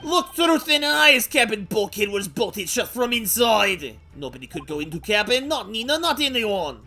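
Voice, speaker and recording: Man doing a booming sailor. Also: big pitch swings, faint music behind, heavily acted. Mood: angry, shouting. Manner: loud, slow, broken grammar, indignant. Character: gruff burly male sailor, blunt and hot-tempered.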